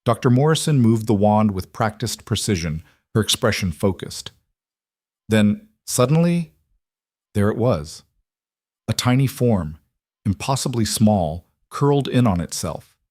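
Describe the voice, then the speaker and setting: A man with a low voice narrating a scripted drama story. His reading is even and measured, and the recording is dry and close with no room sound. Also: dry recording.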